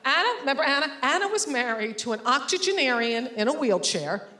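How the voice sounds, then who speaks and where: A woman stand-up comic works a crowd with sarcasm. She acts out quick back-and-forth dialogue in a fairly high voice. The room rings with echo around her. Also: big pitch swings, bright, forceful tone. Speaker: stand-up comedian. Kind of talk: stand-up comedy set. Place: stage before a laughing audience.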